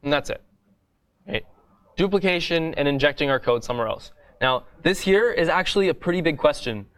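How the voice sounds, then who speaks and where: A man's voice: a little high, animated, fairly quick, a bit bright, clean tone. A man teaching a coding bootcamp lecture in a classroom, explaining step by step in a casual way and often asking "right?".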